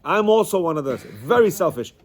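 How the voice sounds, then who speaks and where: A man with a voice on the high side teaches a class to a room of men. His manner is animated and conversational, and he often repeats words as he goes. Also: fairly quick. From Central Asia, Bukharan Jewish family. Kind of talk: lecture with stories. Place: classroom with a small group of men.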